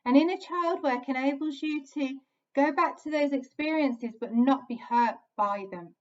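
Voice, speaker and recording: A woman giving a gentle, earnest self-help talk as an inner child healing coach, speaking in short, repeated phrases. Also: high-pitched, normal speed. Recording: dull lo-fi sound.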